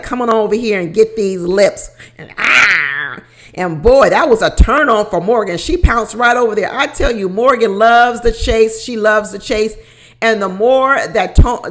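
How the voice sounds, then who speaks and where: A woman hosting a casual reality show recap, animated and laughing often as she repeats her points. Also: a little high. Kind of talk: casual commentary.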